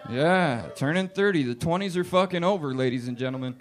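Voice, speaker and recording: On a bar stage before a live audience, a man in his late twenties performs a profane, punchy stand-up set. His voice is a little high and fairly quick, and he delivers loudly, slipping into put-on voices.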